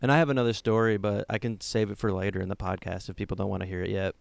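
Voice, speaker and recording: A man's voice: lowish voice, flat delivery, very fast, creaky, no echo. A man co-hosting a comedy podcast, rambling through jokey stories and slipping into silly voices. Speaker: podcast co-host. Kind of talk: casual comedic chat.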